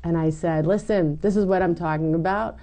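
A middle-aged woman giving her personal testimony in an interview, animated and acting out what people said. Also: on the low side, brisk. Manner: animated storytelling, acts out quoted lines. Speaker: guest telling her faith story.

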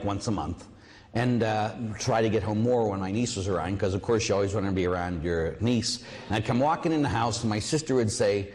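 Animated priest preaching in a reverberant hall. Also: male voice, mid-range voice. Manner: animated storytelling, acting out voices. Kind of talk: sermon.

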